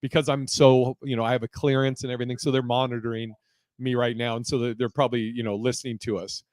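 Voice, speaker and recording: Man doing a jittery woman who claims a secret military clearance, dropped low and hurried, dry sound. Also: level tone, darkish tone, dry recording, lightly acted. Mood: secretive.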